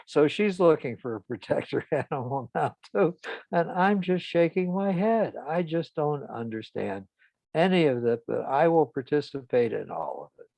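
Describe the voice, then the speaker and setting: An older man, a psychotherapist, telling a story in a session in a halting way, with many restarts. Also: a little high, big pitch swings, vocal fry, no echo. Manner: halting, with frequent restarts and soft laughs. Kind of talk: reflective storytelling in a group session.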